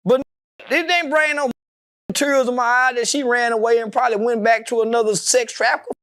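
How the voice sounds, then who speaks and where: A brash, profane man speaks in an unusually high voice, his clear in every line. He rambles loosely from one point to the next, answering as a guest in a casual interview. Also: steady tone, brisk, a bit bright.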